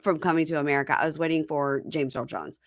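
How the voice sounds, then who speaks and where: Woman, podcast host, casual recap, animated storyteller, dry close mic. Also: sits low, fast, dry recording. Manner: animated storytelling, acting out quotes.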